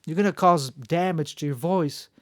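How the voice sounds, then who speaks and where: Male solo host, gravelly voice, rambling and self-deprecating, dry close sound. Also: fairly high pitch, normal speed, no room sound. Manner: self-mocking and jokey, full of restarts. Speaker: podcast host.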